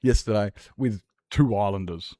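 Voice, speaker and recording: A man's voice: on the low side, moderate pace, dark tone, no echo. A young Australian man chatting casually on a livestream, swearing freely and laughing often. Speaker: streamer.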